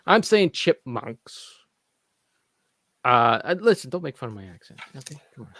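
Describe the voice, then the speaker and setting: A man from Canada co-hosting a casual chat show, wandering through an anecdote with plenty of ums and restarts. His voice sits at an ordinary middle pitch. The recording is close and dry, with no room sound. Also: big pitch swings, fast talker, sharp tone, no echo. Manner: rambling storytelling with many fillers and restarts. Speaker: podcast co-host.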